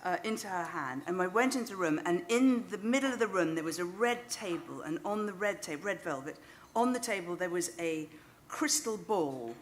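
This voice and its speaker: A woman's voice: on the low side, animated, normal speed, hardly any pauses. Woman, British accent, middle-aged, rambling self-deprecating storyteller, faint background noise. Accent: British English. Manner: chatty, self-deprecating, anecdotal. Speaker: novelist. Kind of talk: live storytelling on stage. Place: stage of a small club venue.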